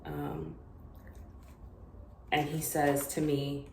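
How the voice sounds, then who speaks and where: A young woman telling a personal story to camera in an unedited confessional vlog, halting and hesitant, with many fillers and restarts. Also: sits low, completely flat delivery, warm tone. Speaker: vlogger. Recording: echoey room with faint noise.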